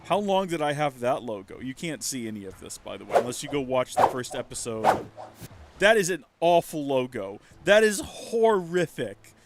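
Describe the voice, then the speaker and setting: A man's voice: medium pitch, lively intonation, moderate pace, very noisy. A man in his thirties chatting casually as a streamer, rambling and poking fun at himself. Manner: chatty, rambling, self-mocking. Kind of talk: casual let's-play commentary.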